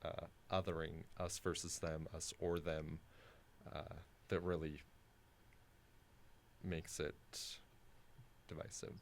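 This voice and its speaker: A young man co-hosting a casual discussion podcast, talking in a thoughtful, halting way with many pauses. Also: very deep voice, level tone, a little hiss or hum. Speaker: co-host.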